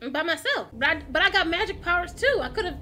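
A woman hosting a gaming channel, giving loud, excitable let's-play commentary with casual slang and sudden yelps and curses. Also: extremely high pitch, quick pace, slight background noise. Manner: casual, slangy banter with game characters. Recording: game music playing loudly underneath. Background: game music.

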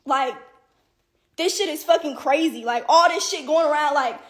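A young woman with a high voice at normal speed rants angrily on a livestream, indignant and exasperated. She swears constantly, keeps saying "like" and "bro," and breaks into bursts of laughter.

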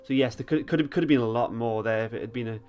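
A man co-hosting a podcast, making thoughtful, measured points in a casual discussion. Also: mid-range voice, dull audio. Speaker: podcast co-host.

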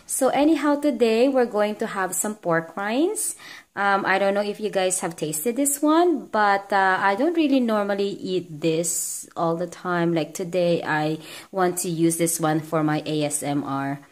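Young woman host, casual chatty delivery full of fillers, mid-pitched, for an ASMR eating vlog intro. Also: lively intonation, unhurried. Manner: chatty, many filler ums and uhs. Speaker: channel host.

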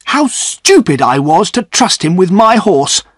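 A man voicing a young gentleman in an audiobook, anxious and quick to anger, speaking in a raised, bitter tone. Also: on the high side, expressive, dry recording, clean studio sound, pitched above the performer's own voice. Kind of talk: graded-reader audiobook reading.

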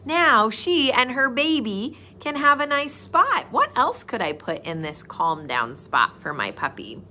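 A woman leading a virtual circle time lesson for young children from her office, speaking in a sing-song, expressive way and asking the children questions. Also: medium pitch. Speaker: preschool teacher.

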